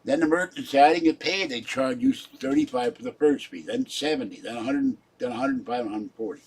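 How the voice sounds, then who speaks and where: A man's voice: mid-range voice, lively intonation, brisk, creaky, a little mellow, a little hiss or hum. A man chatting casually on his own livestream, rambling and muttering asides to his chat. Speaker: YouTube livestreamer.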